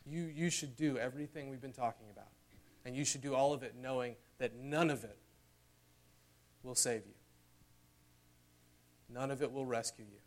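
A male pastor delivering a sermon in a church. His voice sits in an ordinary middle range and stays earnest throughout. At the key moments he rises in volume and pitch. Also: moderate pace, pauses often. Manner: earnest preaching, swelling louder and higher at climaxes.

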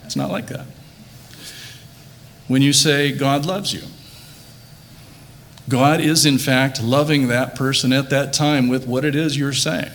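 A pastor giving a sermon, earnest, stressing quoted lines and restarting phrases, then leading a quiet prayer. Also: male voice, mid-range voice, fairly even intonation, takes it slowly, long pauses.

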